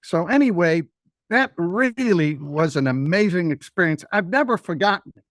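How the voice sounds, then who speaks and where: A man's voice: sits high, expressive, normal speed, a bit bright, no echo, studio quality. An older man telling a personal story in a rambling, folksy way as a podcast guest.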